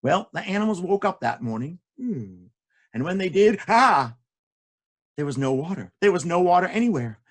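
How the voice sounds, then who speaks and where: A man telling folk tales to children in a playful, jokey, expressive way. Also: high voice, moderate pace. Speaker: children's storyteller. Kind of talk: animated storytelling for children.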